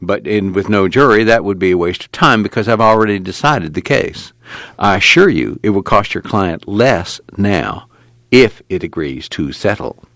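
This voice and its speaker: A man reading the part of a blunt, impatient trial judge who speaks sternly and forcefully. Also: fairly low pitch, expressive, moderate pace, no echo, clean studio sound. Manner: stern and forceful, pressing hard.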